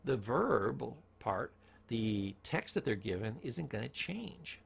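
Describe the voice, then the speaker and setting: With a medium pitch and a very animated, slow delivery, a husky, gravelly-voiced man speaks motivationally about communication. He tells stories, poses rhetorical questions, and changes his tone to emphasize ideas.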